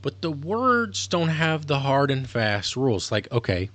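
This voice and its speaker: A man's voice: medium pitch, big pitch swings, measured pace, a bit bright. A man streaming live, talking casually in a rambling, self-correcting way as he explains things. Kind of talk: casual livestream monologue.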